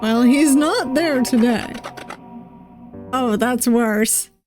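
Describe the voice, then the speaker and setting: A woman streaming a story game, reading its dialogue aloud and musing softly between lines. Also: a little high. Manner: musing, reads lines slowly with soft asides. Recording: game music playing behind voice.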